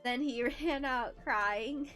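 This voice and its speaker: A woman's voice: high-pitched, takes it slowly, pushed and bright, faint music behind. A young woman streamer reading a story aloud for comic effect, amused and breaking into asides.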